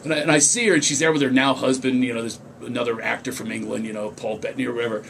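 A man's voice: medium pitch, fairly even intonation, rapid-fire, gravelly, a bit bright, slight background noise. A male comedian telling funny stories in casual radio chat, acting out quotes in raised voices. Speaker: comedian guest.

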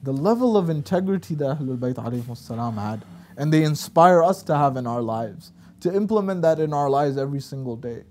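Animated high-voiced man telling stories. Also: a little fast, a little hiss or hum. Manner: storytelling preacher, animated and emphatic. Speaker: guest speaker. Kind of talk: religious talk show discussion.

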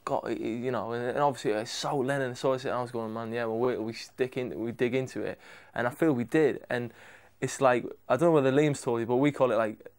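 A man's voice: mid-range voice, steady tone, fast talker, hardly any pauses, clear, resonant tone. A man in an interview, telling stories about recording in an enthusiastic, rambling way. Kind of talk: casual interview chat.

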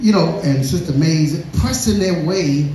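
A man's voice: fairly high pitch, unhurried, dark tone. A man preaching a sermon in a church. He reads scripture, repeats words for emphasis and calls on the congregation to respond. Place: church sanctuary. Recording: echoey church hall.

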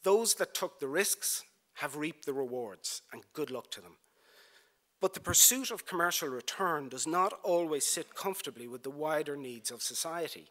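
A man delivering a prepared lecture in a university theatre, building his points through measured rhetorical lists and repetition. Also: fairly high pitch, lively intonation, sharp tone. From Ireland. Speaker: broadcasting executive giving a lecture. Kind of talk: formal prepared speech.

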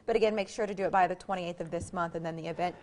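A woman's voice: lowish voice, steady tone, rapid-fire, darkish tone, slight background noise. A woman co-hosting a morning TV show, friendly and reading out promo details. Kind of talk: casual morning TV chat.

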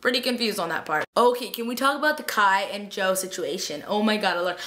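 A young woman reviewing a TV episode on her vlog talks fast in a bright, forceful, mid-range voice. Recapping it late at night, she's gushing yet tired, her speech full of "like" and quotes she paraphrases.

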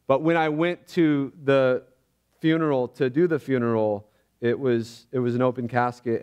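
A man's voice: medium pitch, steady tone, a little mellow, clean tone. Earnest man preaching a sermon. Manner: earnest, reflective, often halting. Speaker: pastor. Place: church.

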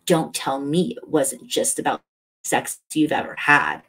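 A woman reading the lines of a smug, menacing grown man who taunts calmly and matter-of-factly. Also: low voice, unhurried, exaggerated voice. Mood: taunting.

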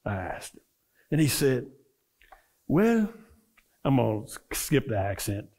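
A male minister preaching to a church congregation in a conversational style, quizzing his listeners with call-and-response questions and building from relaxed storytelling to fervent preaching. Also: lowish voice, normal speed. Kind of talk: conversational sermon. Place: church service before a congregation.

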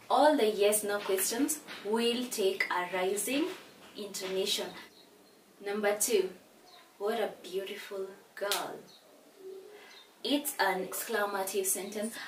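A woman teaching an exam-prep English lesson, explaining each answer step by step and giving the reason. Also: medium pitch. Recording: echoey room from far off, with noise.

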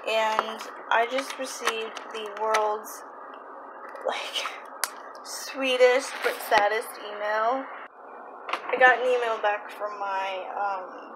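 Chatty young woman vlogging at home. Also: medium pitch. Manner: chatty, trails off searching for words. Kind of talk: casual vlog chat. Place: home, kitchen. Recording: noisy home ambience.

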